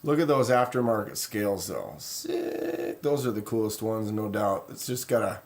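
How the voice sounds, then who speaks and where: A man hosting a casual live stream, rambling in a relaxed way and reading viewer comments aloud. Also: fairly low pitch, brisk. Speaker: knife channel host.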